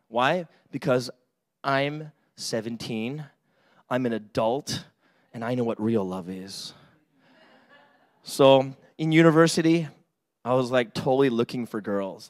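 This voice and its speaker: A man's voice: medium pitch, animated, a little slow. A man in his forties giving a casual sermon with personal stories, chatty and full of "right?" asides. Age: 40s. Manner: chatty, many fillers and "right?" asides, acts out quotes. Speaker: pastor.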